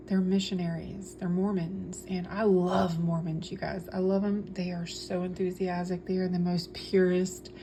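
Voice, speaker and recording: Warm-voiced woman giving a spiritual talk. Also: mid-range voice, a little hiss or hum. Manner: earnest, preachy, repeats phrases for emphasis; speaks with many fillers and restarts. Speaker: tarot reader and spiritual vlogger. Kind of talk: casual spiritual monologue.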